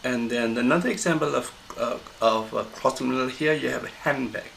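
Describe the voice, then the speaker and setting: A man with a heavily gravelly, creaky voice walks through a pronunciation lesson. He pauses and restarts often as he looks for the right word, and there is a faint hiss under his speech. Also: mid-range voice, fairly bright tone, low-quality recording. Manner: halting, stops often to find the word. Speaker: English pronunciation teacher. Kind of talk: recorded lesson explanation.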